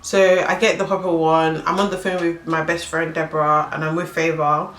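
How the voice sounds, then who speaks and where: Young girl telling a story on her vlog, lowish voice, jumps into squeaky voices doing people, echoey room. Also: normal speed. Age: young adult. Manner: animated, jumps into high excited quoted voices, laughs through the story. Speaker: vlogger. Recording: echoey room, faint background noise.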